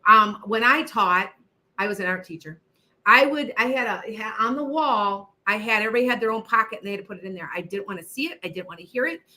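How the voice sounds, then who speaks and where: A woman's voice: medium pitch, lively intonation, fast, pushed and bright. A middle-aged woman hosting a live psychic question session, talking emphatically and repeating herself, with chatty asides to viewers. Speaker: psychic livestream host answering viewer questions. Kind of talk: casual live-stream chat.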